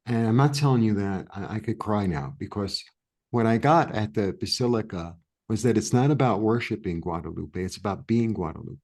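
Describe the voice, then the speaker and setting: A man from New York, a guest in an interview, telling a story in a rambling, animated way with many restarts and fillers. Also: lowish voice. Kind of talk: casual storytelling chat.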